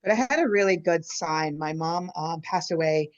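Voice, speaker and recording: Low-voiced woman telling a story on a call. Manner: halting, repeats words when starting. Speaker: newcomer in an online group. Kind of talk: casual storytelling. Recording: dull lo-fi call audio.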